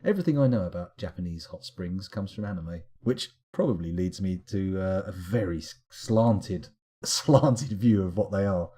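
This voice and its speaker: A man giving live, rambling let's-play commentary, animated and self-mocking as he chats and wanders off on tangents. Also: sits low, moderate pace, husky. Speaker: streamer playing a management game.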